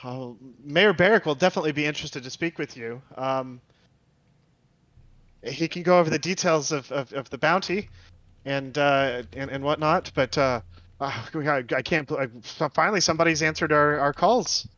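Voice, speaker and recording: A man narrating as game master of a tabletop game, halting with many fillers and restarts. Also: a little high, a bit bright, dry recording, muffled recording.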